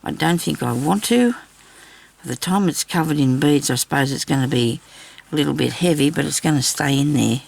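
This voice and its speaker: Gravelly, husky woman vlogger. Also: deep voice, moderate pace, darkish tone. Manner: chatty, rambling, talks directly to viewers. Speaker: craft vlogger. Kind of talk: casual crafting demonstration.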